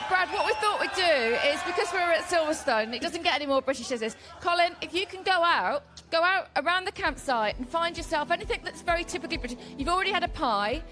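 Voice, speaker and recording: A woman's voice: very high voice, animated, fast talker, hardly any pauses. A woman presenting live sports TV, chatty and teasing with her guests. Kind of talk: live TV hosting.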